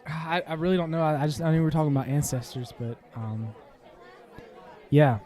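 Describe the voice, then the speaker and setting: A man co-hosting a podcast, acting out an improvised comedy date in a deadpan way, often breaking into laughter and fake tears. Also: on the high side, brisk, some chatter behind. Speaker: podcast co-host.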